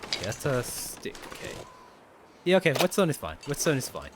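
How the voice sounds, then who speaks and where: Gaming streamer, male, lively up-and-down delivery, explains mechanics as he plays, faint noise underneath. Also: medium pitch, a little fast. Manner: thinks aloud, explains mechanics to viewers. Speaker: gaming livestreamer. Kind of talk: casual gameplay commentary.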